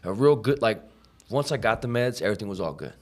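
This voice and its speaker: Man, podcast guest, rapid speech, lowish voice, casual, swears, slangy fillers, quotes others. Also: expressive. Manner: profane, slangy, full of "like" and "you know"; acts out quoted people in his story. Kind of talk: casual storytelling.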